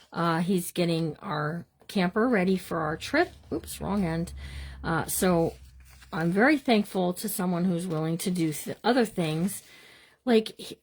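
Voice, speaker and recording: Her voice sits on the low side with a breathy edge. She's a middle-aged woman livestreaming a crafting demo from her home craft room, chatting with viewers as she goes. Bubbly and talkative, she addresses them as "you guys" and coins playful words of her own.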